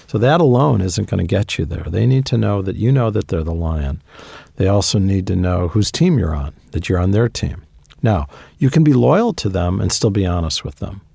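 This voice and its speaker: A man's voice: deep voice, gravelly, mellow, husky, no echo. A man being interviewed, telling anecdotes in a conversational way with emphatic asides. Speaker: guest author. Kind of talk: interview storytelling.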